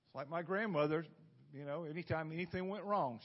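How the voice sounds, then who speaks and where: High-voiced folksy preaching man. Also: expressive, a little fast, lo-fi sound. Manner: folksy, asks the room rhetorical questions. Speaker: pastor. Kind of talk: conversational sermon.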